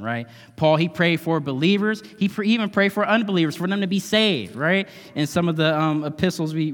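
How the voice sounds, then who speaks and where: A man's voice: on the high side, fairly bright tone. A male guest preacher giving a conversational, emphatic sermon in a church, often adding tag questions. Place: church sanctuary. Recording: long hall reverb.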